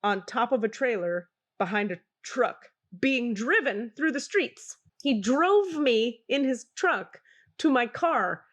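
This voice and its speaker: A middle-aged woman hosting a podcast, telling a story in a casual, animated and self-mocking way. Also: fairly high pitch, slow. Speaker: podcast host.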